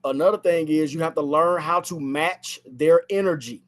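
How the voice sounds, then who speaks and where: A man's voice: on the high side, moderate pace, hardly any pauses. A man giving a casual spoken training on phone sales, talking from inside a house and repeating phrases for emphasis.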